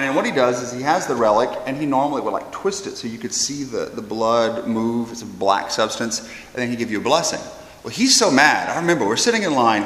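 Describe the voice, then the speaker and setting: A young priest tells a story during a homily, acting out the people in it with lively energy. His voice is bright and forceful, a little high for a man. It rings out in a large room with a long reverb. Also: slight background noise. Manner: animated storyteller who acts out quoted voices. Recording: roomy hall echo.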